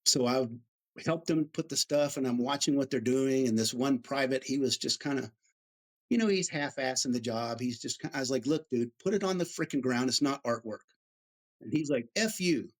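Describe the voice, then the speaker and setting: A man's voice: medium pitch, normal speed. A middle-aged American man, an Army veteran, telling stories casually in an interview and acting out the voices of the people he quotes. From United States. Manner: animated storyteller, acts out quoted voices.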